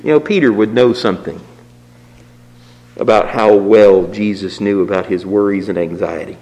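A man preaching a sermon, swinging from raised emphatic lines to low, quiet asides. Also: normal speed. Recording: long reverb of a hall.

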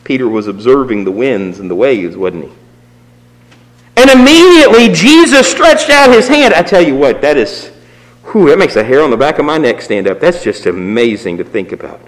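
A man preaching a sermon, swinging from raised emphatic lines to low, quiet asides. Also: lively intonation, fairly quick. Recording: long reverb of a hall.

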